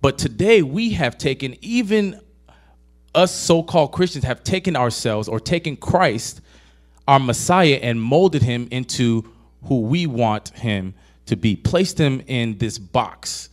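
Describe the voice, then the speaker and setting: A man's voice: medium pitch, expressive, measured pace. A man preaching a casual, conversational sermon to a young adult group, asking the audience questions and retelling film scenes. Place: church hall.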